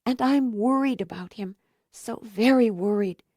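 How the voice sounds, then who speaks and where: A frightened, worn-out young woman, as a narrator voices her in an audiobook, tense and shaky in her speech. Her voice is dark and mellow, recorded close and dry. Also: measured pace, no echo. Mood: tremulous. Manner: tense and tremulous, lifting higher. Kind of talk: audiobook character voice.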